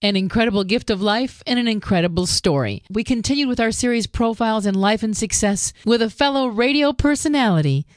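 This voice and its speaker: A woman's voice: a little high, animated, a little fast, few pauses, dry recording, studio quality. A woman hosting a radio show, recapping segments with enthusiastic introductions.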